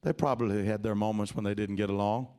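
A man's voice: fairly low pitch, quick pace. A male preacher delivering a dramatic storytelling sermon, asking the congregation to repeat phrases. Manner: dramatic, animated, calls for congregation responses.

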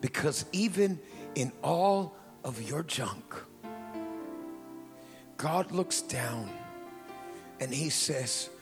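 A man preaching a sermon in a church. He tells a story softly, drops to near whispers, then rises to shouting praise and speaks in tongues. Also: fairly high pitch, expressive, very slow, long pauses, long reverb tail, music in the background.

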